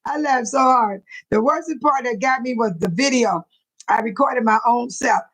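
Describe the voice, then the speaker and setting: A woman with a high voice chats to her livestream viewers. She repeats herself and breaks into laughter again and again as she talks. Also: normal speed, poor audio. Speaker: livestream host. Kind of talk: casual chat to viewers.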